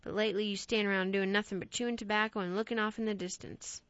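A gruff old farmer scolds his son in a loud, blunt country voice, as a woman narrator puts him on. He sounds stern and plain-spoken. The recording is dry and close, a bit dull in tone. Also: mid-range voice, steady tone, quick pace, no room sound, close to an everyday voice. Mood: scolding.

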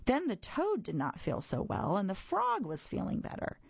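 A woman reading a children's book aloud with a husky voice, in a measured, expressive storytelling manner. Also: mid-range voice, no room sound, dull audio. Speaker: storybook reader.

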